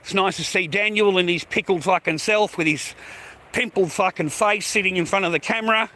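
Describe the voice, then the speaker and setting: An Australian live streamer rants in a rambling way to his viewers, swearing nonstop, repeating himself, and calling everyone mate. His high voice is brisk, pushed, and bright.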